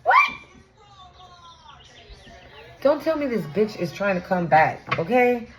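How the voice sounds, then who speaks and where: A woman's voice: mid-range voice, moderate pace. Blunt, profane woman reading tarot. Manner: blunt and profane, talks straight to the viewer; animated, often exclaims and asks "right?". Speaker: tarot reader. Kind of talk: casual tarot reading to camera.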